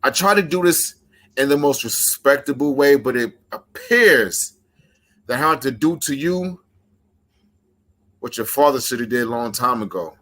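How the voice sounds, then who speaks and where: A man delivers a wrestling promo in a forceful, bright voice. He speaks in a measured, emphatic way and squares up to his opponent. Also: medium pitch, lively intonation.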